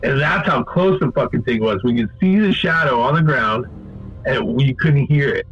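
Man, casual storyteller, rambling and profane, mid pitch, dull lo-fi recording with faint music. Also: normal speed, breathy edge. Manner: profane, rambling, animated when quoting. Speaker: guest telling a story.

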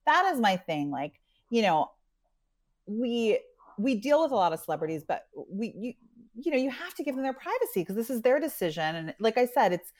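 Animated, chatty woman storyteller, middle-pitched, fond of "like" and acted-out quotes. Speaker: dog rescue owner and pet matchmaker. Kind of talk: storytelling in an interview.

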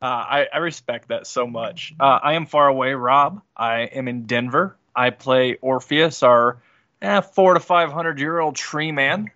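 A man's voice: mid-range voice, measured pace, sharp tone, no room sound. A man joining a tabletop game podcast remotely, teasing and giggly. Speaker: player. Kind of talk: casual tabletop game chat. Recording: dull dry remote mic.

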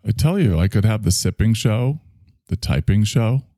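A man's voice: fairly low pitch, animated, normal speed, mellow, dry recording, clean studio sound. A man hosting a podcast in casual chat, rambling and offhand. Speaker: podcast host.

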